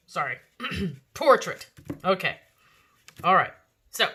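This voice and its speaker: A woman's voice: mid-range voice, expressive, unhurried, vocal fry, bright, forceful tone, breathy edge. A woman teaching a children's art lesson with playful, theatrical pirate talk that she slips in and out of. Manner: hammy put-on pirate talk, slipping in and out of it. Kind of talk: online art lesson for kids.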